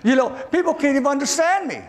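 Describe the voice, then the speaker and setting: An older man from southern Virginia with a Southern accent, preaching a testimony sermon in a halting, folksy way that repeats words. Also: very high voice, animated. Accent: Southern American. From southern Virginia, USA.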